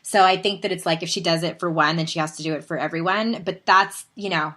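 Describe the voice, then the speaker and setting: A woman in her thirties with a Southern California accent hosts her podcast as a casual monologue. She tells stories in a chatty, animated way with laughing asides. Her voice sits a little low for a woman. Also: fairly quick. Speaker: podcast host.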